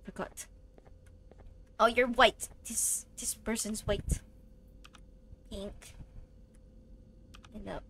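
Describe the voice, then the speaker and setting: A woman's voice: mid-range voice, fairly even intonation, extremely slow, gravelly, long pauses, fairly bright tone, a little hiss or hum. A young woman streaming a horror game live, jittery and swearing, pleading with the game and screaming when scared.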